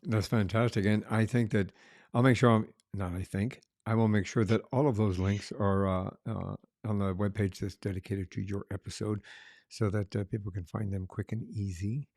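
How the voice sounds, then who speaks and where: A man's voice: fairly low pitch, fairly even intonation, normal speed, a little mellow, no room sound, clean studio sound. A man hosting an interview podcast, courteous and effusive with praise. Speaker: podcast host. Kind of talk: casual interview.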